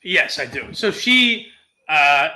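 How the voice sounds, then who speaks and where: Animated, laughing young man telling stories. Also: fairly high pitch, takes it slowly. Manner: laughs often, swears, animated retelling. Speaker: podcast co-host telling a story. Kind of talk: casual storytelling chat.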